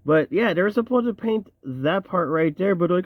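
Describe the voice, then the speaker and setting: Sex: man. Style: lively, chatty toy review. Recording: dull, dry. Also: high-pitched, measured pace, dry recording. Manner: chatty and slangy, joking asides. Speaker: toy collector reviewing action figures. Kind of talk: casual show-and-tell review.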